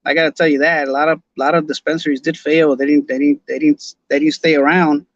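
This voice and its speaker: Laid-back Chicano man, slightly higher voice. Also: flat delivery, brisk, no room sound, lo-fi sound. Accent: Chicano English. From Los Angeles, California. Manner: laid-back slangy talk, many restarts and repeated words. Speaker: podcast host. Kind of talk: casual live-stream chat.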